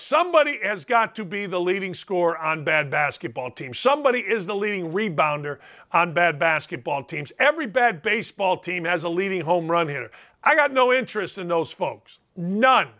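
A man hosting a sports talk show, delivering an opinionated, argumentative monologue and mocking his critics. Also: bright, forceful tone. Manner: emphatic, argumentative, mock-quotes critics in a higher voice. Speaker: sports radio host.

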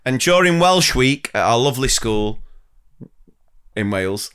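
A young man co-hosts a casual teachers' podcast, reading listener stories aloud and laughing as he goes. His voice is smooth and resonant, and his pitch rises and falls in a lively way.

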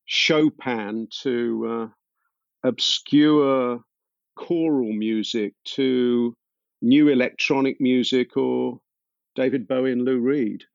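A man being interviewed as a musician, telling stories thoughtfully with many pauses and fillers. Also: mid-range voice, steady tone, creaky, no room sound. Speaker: musician guest. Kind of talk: relaxed interview storytelling. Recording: dull, dry lo-fi sound.

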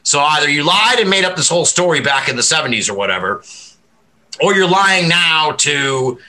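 A man with a very bright, keen voice that sits a little high, talking on a casual podcast. He rambles and restarts his sentences, swears freely and laughs often as he makes his point. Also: lively intonation, normal speed, poor audio.

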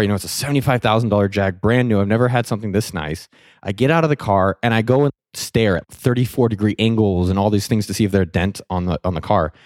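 A young adult man with a fairly low voice tells a personal story in a casual, self-mocking way, cursing freely and getting animated as it builds. The sound is dry and close, with no room around it. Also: no echo. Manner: candid, self-mocking, swears freely, animated on key moments. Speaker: vlogger telling a personal money lesson.

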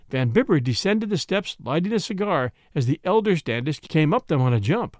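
Male narrator, classic story reading, lively voice, slightly high, dry close sound. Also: moderate pace, few pauses, no echo. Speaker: audiobook reader. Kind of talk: scripted narration.

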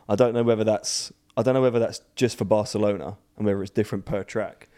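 A man's voice: on the low side, fairly even intonation, fast, warm tone. A man co-hosting a casual sports podcast, joking and offhand, often trailing off mid-thought. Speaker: podcast co-host. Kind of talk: casual chat.

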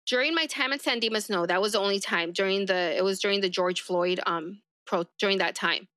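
Young woman, bright voice, dry close sound, casual rambling storytelling. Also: medium pitch, a little fast, dry recording. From East Los Angeles. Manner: rambling, heavy use of "like", acts out quoted remarks. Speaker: sheriff's deputy, interview guest.

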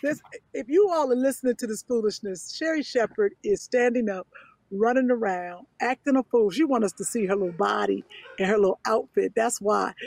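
Woman in a podcast sketch: high, prim, protesting, dry-sounding. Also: a little fast, gravelly, darkish tone, dry recording.

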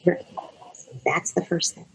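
A woman's voice: a little slow, fairly bright tone, slight background noise, rough recording. A middle-aged woman, a parenting expert, earnestly explaining her advice in an interview, using worked-through examples.

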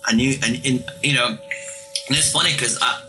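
A man calling in to tell a ghost story in a casual, halting way, often repeating words and restarting sentences. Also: mid-range voice, faint music behind, low-quality recording. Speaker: caller telling ghost stories.

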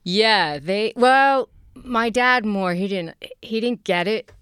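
A woman's voice: mid-range voice, lively intonation, takes it slowly, fairly bright tone, smooth, no echo. A middle-aged woman from Queens with a New York accent, chatting as a guest in a studio interview, laughing often and restarting her sentences. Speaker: guest actress. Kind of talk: casual interview chat. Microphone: studio mic.

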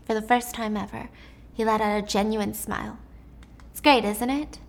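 Female storyteller, casual and chatty, somewhat high-pitched. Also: fairly even intonation, moderate pace, vocal fry. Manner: chatty, asides to the listener.

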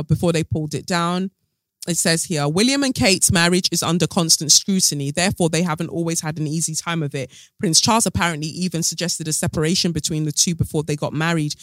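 A man's voice: fairly high pitch, a bit bright, no room sound. A man hosting a podcast, chatting through celebrity gossip with sassy, sarcastic asides. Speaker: podcast host. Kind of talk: casual gossip commentary.

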